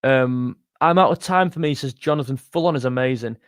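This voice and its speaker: Reading viewer comments on his music channel's livestream, a young man keeps things light and jokey, using mate a lot. His voice sits at medium pitch and he speaks briskly. The recording is dry, with studio quality.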